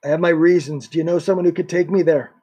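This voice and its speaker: A determined male agent, read by a male narrator, firm and insistent as he keeps pressing for help. The voice is husky and sits a little high. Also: fairly even intonation, fast, mellow. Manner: firm, pleading. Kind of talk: audiobook character voice.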